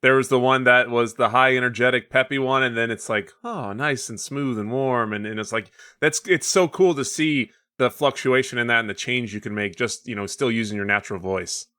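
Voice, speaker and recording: A man co-hosting a gaming podcast, enthusiastic and quick to agree. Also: medium pitch, fairly even intonation, sharp tone, smooth, dry recording, clean studio sound. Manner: enthusiastic, short agreeing replies. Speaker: podcast co-host. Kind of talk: casual podcast interview.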